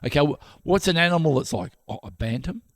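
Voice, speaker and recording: A man's voice: lively intonation, a little fast, no echo, studio quality. An older Australian man, a podcast host telling stories in a casual chat, acting out voices. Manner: storytelling, acts out voices with high yelps.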